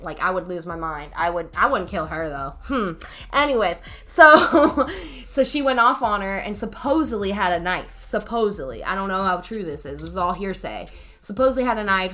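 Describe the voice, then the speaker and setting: A woman who teaches special needs students co-hosts a casual podcast, speaking bluntly and swearing freely as she rants. Her mid-range voice carries a sharp tone.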